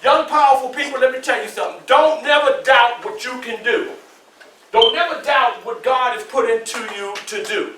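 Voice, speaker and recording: A man's voice: very high voice, normal speed, background noise. A man in his sixties with a Southern US accent, a motivational speaker addressing students in a preacherly call-and-response way with folksy asides. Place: school hall. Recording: echoey room from far off.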